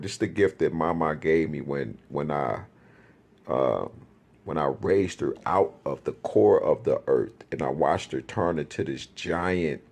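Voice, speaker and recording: A man's voice: low voice, vocal fry, a little mellow. A man telling a spiritual experience in a rambling, profane, casual way, often repeating himself.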